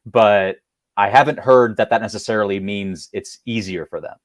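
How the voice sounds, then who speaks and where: Man, low pitch, casual rambling chat, fillers and restarts, dry sound. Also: moderate pace, no echo. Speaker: co-host.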